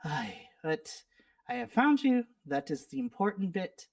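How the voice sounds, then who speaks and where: A woman voicing an elegant male magician in his forties who scolds his son in a slow, measured way. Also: mid-range voice, big pitch swings, a little mellow, no room sound, clean studio sound, recorded from a distance. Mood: stern.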